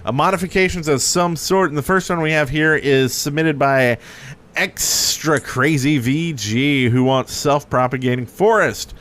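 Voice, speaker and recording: Casual male podcast co-host, slightly high voice, jokey, reads listener mail. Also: a little slow, a bit bright. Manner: joking, reads listener questions aloud.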